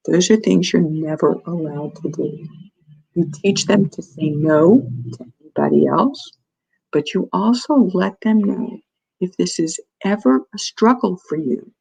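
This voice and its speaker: A woman's voice: lowish voice, measured pace, vocal fry, mellow, breathy edge, poor audio. A woman presenting a parent workshop, speaking earnestly and telling stories with quoted dialogue. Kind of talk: lecture to parents.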